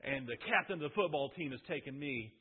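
A man's voice: medium pitch, lively intonation, fast talker, breathy edge, voice pushed down. A man voicing a dismissive teenage girl who bluntly turns down a date to prom. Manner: blunt, brushing off. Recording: tinny, echoey church hall.

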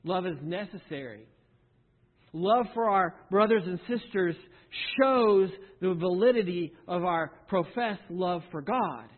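A man's voice: sits high, lively intonation, unhurried. A man preaching a sermon, earnest, often repeating a word as he restarts and asking the listeners questions. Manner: earnest, stumbles and repeats words, rhetorical questions. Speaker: pastor. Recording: tinny phone-like sound with long hall reverb.

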